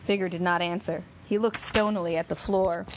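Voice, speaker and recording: A woman narrating a novel in steady, measured storytelling. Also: fairly low pitch, slight background noise.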